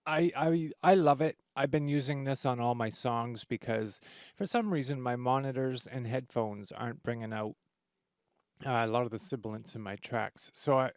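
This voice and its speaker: A man hosting a casual audio software tutorial, enthusiastic and full of fillers and restarts. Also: mid-range voice, no echo, studio quality. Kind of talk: screen-recorded software tutorial. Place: home studio with treated room.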